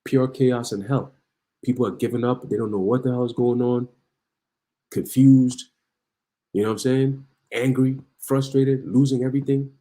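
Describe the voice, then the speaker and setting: A man's voice: mid-range voice, dark tone, rough recording. A man preaching in heated commentary on the news, reading articles aloud and then ranting. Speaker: online preacher.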